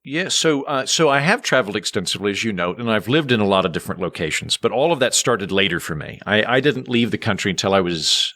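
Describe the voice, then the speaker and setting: A man from Oklahoma, a guest comedian telling animated, self-deprecating stories in a casual podcast chat. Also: fairly low pitch, fast, hardly any pauses. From Oklahoma, USA.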